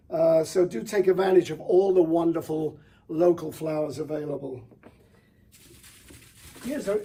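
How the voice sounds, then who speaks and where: With a warm, high-pitched voice and a breathy edge, a middle-aged man enthusiastically presents flowers in a product demo. He's chatty, dropping fillers and making small restarts.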